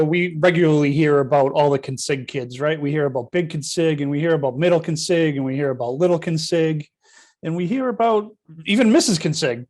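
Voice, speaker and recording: A man co-hosting a casual sports podcast, rambling and telling stories. His voice sits a little higher than most men's. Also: darkish tone. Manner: rambling, storytelling. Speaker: podcast co-host.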